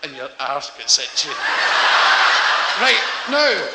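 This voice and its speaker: Stand-up, high lively voice, giggly rambling storyteller, big reverberant hall. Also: male voice, moderate pace. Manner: rambling, giggly, acts out characters. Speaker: stand-up comedian. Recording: echoey hall with background noise.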